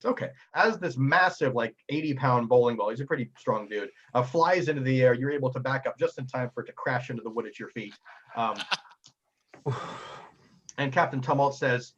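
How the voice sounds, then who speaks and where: A husky game master narrating. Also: male voice, medium pitch, fairly bright tone, muffled recording. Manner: halting, many fillers.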